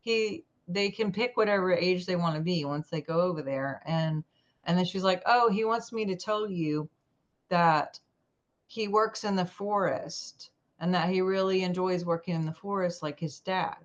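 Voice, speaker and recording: A woman tells a personal story as an interview guest, acting out quoted lines with lively jumps in her voice. Her voice sits a little low. The recording is dull and lo-fi. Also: normal speed. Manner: animated, acts out quoted dialogue.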